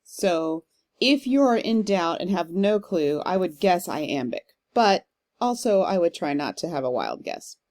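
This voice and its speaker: A woman teaching a literature class in a recorded lecture, talking casually and reading verse aloud with a slow stressed rhythm. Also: on the low side, animated, darkish tone. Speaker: literature instructor. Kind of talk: recorded lecture on poetic meter.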